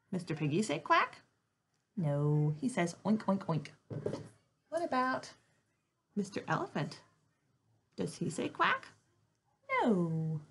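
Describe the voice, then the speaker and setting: A young woman teaches a phonics lesson to small children from her home. Her voice swoops up and down in a lively, sing-song way, with a touch of gravel at the ends of phrases. She stretches out each letter sound slowly and clearly. A faint hiss runs under the recording. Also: on the low side. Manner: slow, exaggerated sound modeling for young children.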